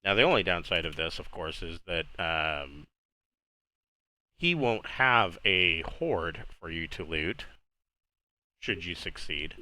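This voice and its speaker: A man acting as dungeon master, painting each scene in a slow and deliberate way. His voice sits a little low yet sounds bright and forceful, and the sound is dry and close. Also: big pitch swings, dry recording, rough recording. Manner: descriptive, casual, frequent restarts. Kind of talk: narrating a tabletop game.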